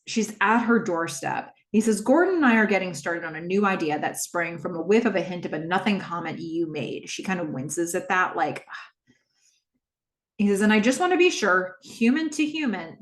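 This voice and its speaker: A woman hosting a podcast, casually retelling a TV episode scene by scene and acting out the characters' lines. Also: moderate pace. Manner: animated retelling, quoting characters with shifting pitch. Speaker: podcast host recapping a TV episode. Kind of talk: casual recap with acted-out dialogue. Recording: roomy echo.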